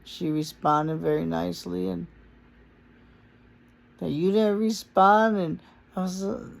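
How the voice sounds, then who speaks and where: A man's voice: high-pitched, fairly even intonation, slow pace, vocal fry. A man recording a casual personal message to his partner, speaking earnestly and in a rambling way, with Spanish words mixed into his English. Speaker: vlogger addressing his partner.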